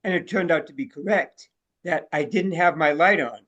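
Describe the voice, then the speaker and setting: A man with a somewhat high voice talks about his role in a play reading over a video call. He rambles and laughs as he goes. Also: moderate pace, a bit bright. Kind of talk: casual video-call chat.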